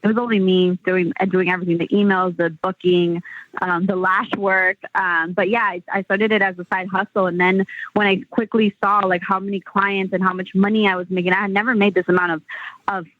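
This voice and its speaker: A woman's voice: medium pitch, little pitch movement, brisk, dry recording. Rambling woman on a tinny line. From United States. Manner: rambling, many "like" fillers and restarts. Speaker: entrepreneur guest. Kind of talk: casual interview chat. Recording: tinny phone-line sound.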